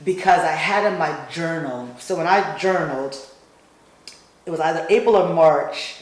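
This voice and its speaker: A middle-aged woman telling a personal story in conversation, animated and acting out the voices of others. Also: low-pitched, normal speed. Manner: animated, acts out quoted voices. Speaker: guest speaker. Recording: very echoey room.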